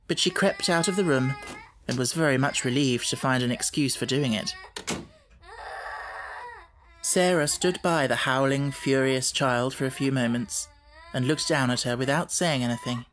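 A man reading a classic children's novel aloud as an audiobook narrator, in measured, even storytelling. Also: mid-range voice, background noise. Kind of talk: scripted narration.

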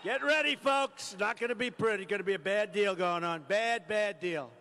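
High-voiced man in an echoing rally hall. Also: moderate pace, sharp tone, slight background noise. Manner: emphatic, repeats phrases. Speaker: political candidate. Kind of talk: campaign rally speech. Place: large rally venue. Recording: long reverb of a large rally hall.

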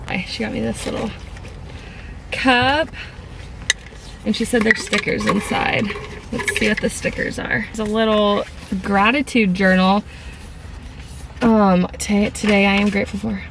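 A woman's voice: medium pitch, fairly even intonation, unhurried, creaky, long pauses. A young woman chatting casually in a vlog, gushing and bubbly, with plenty of "like" and "um". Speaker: lifestyle vlogger. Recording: noisy vlog recording.

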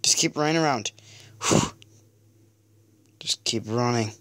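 A man giving let's-play commentary, exasperated and stammering, often pleading out loud with the game. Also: mid-range voice, unhurried. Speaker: gaming video creator.

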